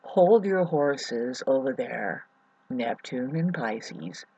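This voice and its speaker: A sleep-deprived woman vlogging a rambling, emotional monologue, swearing often and swinging from low murmurs to loud outbursts. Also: expressive, very slow, slightly rough, dry recording, poor audio. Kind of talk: rambling personal monologue to camera.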